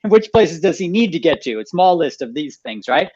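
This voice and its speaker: A man, an author guest in a radio interview, animated as he explains a story, restating points and laughing lightly. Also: on the high side, fairly quick, slightly rough, dull audio.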